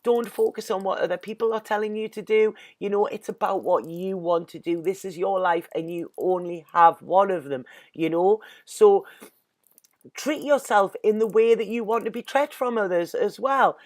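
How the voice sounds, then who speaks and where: A woman's voice: medium pitch, moderate pace, a little mellow. A woman with an English accent giving an earnest, emotional tarot reading in casual speech, constantly saying "you know" and sounding close to tears. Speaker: tarot reader.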